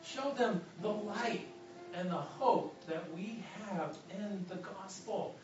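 Halting man preaching in a roomy church. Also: high-pitched, a little mellow, soft background music. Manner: halting with many restarts, rising to urgent exhortation. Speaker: pastor. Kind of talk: sermon with story and closing prayer. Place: church sanctuary. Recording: roomy distant church PA recording, dull.

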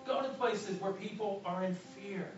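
A man preaching a sermon, telling a story with many restarts and building to an urgent challenge. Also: high voice. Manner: halting with many restarts, rising to urgent exhortation. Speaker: pastor. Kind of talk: sermon with story and closing prayer. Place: church sanctuary. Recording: roomy distant church PA recording, dull.

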